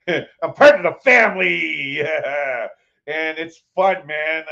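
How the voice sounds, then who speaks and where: A man's voice: fairly high pitch, bright, forceful tone, highs cut off. A man live-streaming a casual chat from a cruise ship, rambling with lots of fillers and restarts. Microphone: phone.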